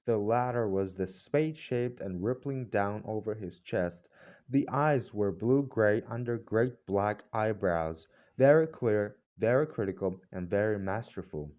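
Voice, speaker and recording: A man narrating a classic novel as an audiobook in measured storytelling. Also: fairly low pitch, expressive, a little mellow, muffled recording. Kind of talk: scripted narration.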